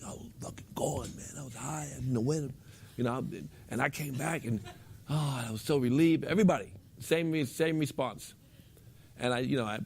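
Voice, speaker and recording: A man teaching meditation, talking casually and then guiding a breathing exercise, repeating phrases in a gently instructive way. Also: mid-range voice, vocal fry, husky. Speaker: meditation teacher and show guest.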